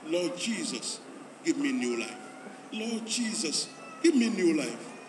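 A man's voice: fairly high pitch, sing-song, slow pace. A man, a pastor at a church convention, leading an altar call and a prayer, repeating his urgent calls to come forward. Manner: repetitive, urging, rising to loud pleading calls. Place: large church hall at a convention. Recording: echoey hall, distant mic, crowd noise.

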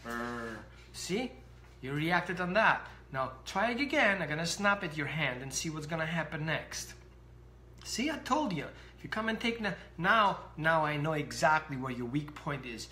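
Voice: medium pitch, animated, normal speed, bright, forceful tone, a little hiss or hum. A dog trainer voicing a young puppy that guards a sock it found, indignant and cheeky, in an echoey room. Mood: taunting.

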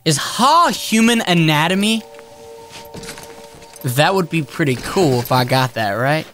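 An excitable man narrates his own gameplay in loose, rambling commentary, chatting to viewers as he goes. His pitch swings widely from low mutters to yelps, with game music playing underneath. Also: unhurried. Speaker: gaming YouTuber. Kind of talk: let's play commentary.

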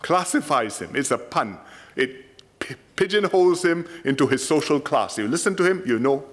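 Singaporean man giving a lively parliamentary speech. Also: a little high. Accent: Singaporean English. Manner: measured, emphatic delivery in short phrases. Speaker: politician. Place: parliament chamber.

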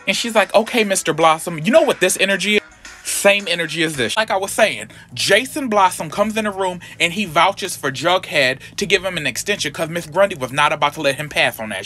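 A man's voice: on the high side, pushed and bright. A man recapping a comic in a casual, sassy, profane and gossipy way.

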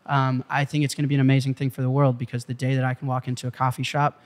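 A man as an interview guest, telling a story with excitable, profane emphasis in a casual way. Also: mid-range voice, rapid-fire. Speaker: interview guest, company CEO. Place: Malibu.

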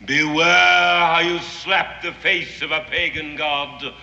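A man's voice: fairly high pitch, level tone, takes it slowly, creaky, pushed and bright, exaggerated voice. An actor playing a fanatical Englishman who guards a sun god's gold, speaking in a grandiloquent, theatrical way. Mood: ominous. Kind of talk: 1960s TV western acting. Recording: echoey, roomy, slightly dull old TV audio.

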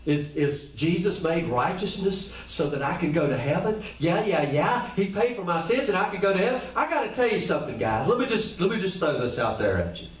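Man preaching, high voice, colloquial, rhetorical questions, echoey room, far from the mic. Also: very animated, a little fast, few pauses. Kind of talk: informal sermon.

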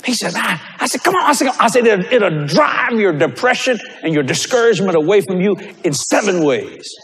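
A man preaching a sermon, telling stories with animated delivery and bursts of shouting. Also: high-pitched, fairly quick. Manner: animated storytelling, breaks into shouts.

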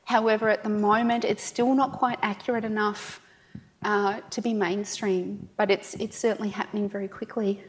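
A woman's voice: mid-range voice, little pitch movement, normal speed, big-room sound. An Australian woman giving a conference talk, chatty and joking with the audience. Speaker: conference speaker.

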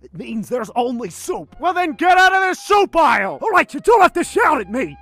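A man in a comedy sketch clip, trading exasperated, shouted lines. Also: very high-pitched, big pitch swings, moderate pace, faint music behind. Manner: shouting exasperated back-and-forth.

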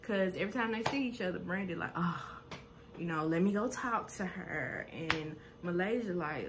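A woman with a slightly low voice recaps reality TV drama in a loose, gossipy way. She is animated and often slips into impressions of the cast. A faint hiss runs under the recording. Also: normal speed. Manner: animated, laughs often, acts out quoted lines.

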